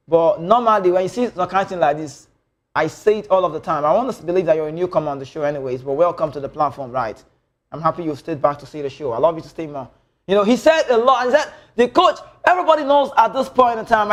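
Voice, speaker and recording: High-pitched Nigerian man bantering. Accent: Nigerian English and Pidgin. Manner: bantering, switches between Pidgin and English. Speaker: football show host. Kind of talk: casual commentary reading viewer comments.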